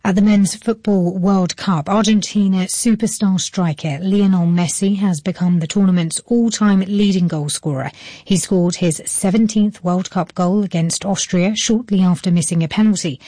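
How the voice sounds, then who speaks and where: Mellow-voiced woman reading the news. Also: medium pitch, normal speed, dry recording. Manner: steady, formal newsreading. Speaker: newsreader.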